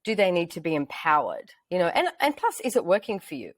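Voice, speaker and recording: A woman with an Australian accent, chatting casually as a podcast host and acting out bits of dialogue as she tells stories. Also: fairly quick. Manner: animated, acts out quoted dialogue in a high voice. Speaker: podcast host, relationship facilitator. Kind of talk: casual storytelling chat.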